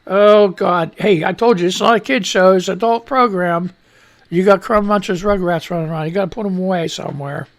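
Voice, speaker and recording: A man with a high-pitched voice, speaking a little fast, hosts a lunchtime radio talk show. He reads news items and posts aloud and riffs on them in a loose, rambling, joking way, a kind of comedic news commentary.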